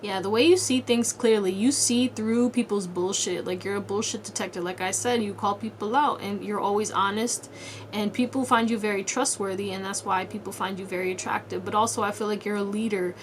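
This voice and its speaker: Woman reading tarot cards to camera, casual and slangy, cusses a lot, middle pitch, bit of hiss behind. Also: fairly even intonation, fairly quick. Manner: slangy and blunt, swears freely, lots of "like"; talks straight to the viewer in second person. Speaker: tarot reader.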